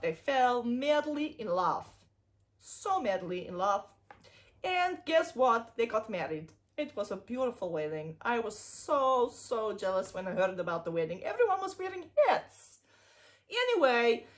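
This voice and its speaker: Animated woman storyteller for children. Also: high voice. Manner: expressive, with sound effects and asides.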